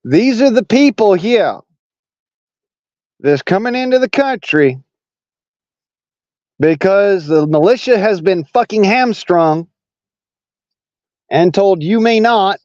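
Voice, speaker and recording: Profane Southern man, high voice. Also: lively intonation, slow, pauses often, a little mellow, no echo, dull audio. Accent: Arkansas Southern. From Arkansas. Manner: blunt, profane, rambling with restarts. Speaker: online talk show host. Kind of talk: casual political monologue.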